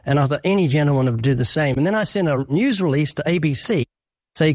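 Fast-talking male radio guest. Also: on the high side, no echo, clean studio sound. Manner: fast, animated storyteller. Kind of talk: radio interview storytelling.

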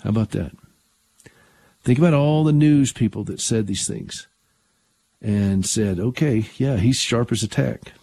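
Older male talk host, husky, conversational, stops and restarts his thoughts. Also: lowish voice, measured pace, pauses often, warm tone. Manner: earnest, conversational, with frequent restarts. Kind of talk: conservative Christian talk radio.

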